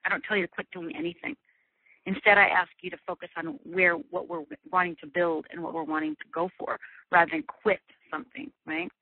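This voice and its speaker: A woman's voice: on the low side, brisk. A woman giving an earnest talk as guest teacher in a teleclass, often checking in with "right?". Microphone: telephone. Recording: tinny phone line.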